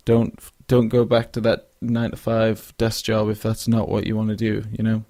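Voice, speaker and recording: A young podcast host rambles through a casual solo monologue, full of ums, fillers and false starts as his thoughts drift. His low, gravelly voice is dark and monotone at a moderate pace, and he sounds drowsy, yawning now and then. The recording is close and dry with no echo or room sound.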